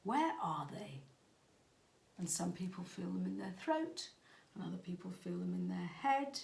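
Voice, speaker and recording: With a fairly low pitch and some vocal fry, a middle-aged woman addresses parents as a parenting coach. She's earnest and chatty, occasionally fumbling her words, recorded in an echoey room.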